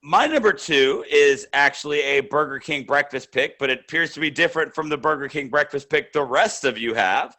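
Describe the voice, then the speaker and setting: A man co-hosting a comedy podcast, talking with enthusiastic, drawn-out emphasis in casual banter. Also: fairly high pitch, sharp tone. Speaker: podcast co-host.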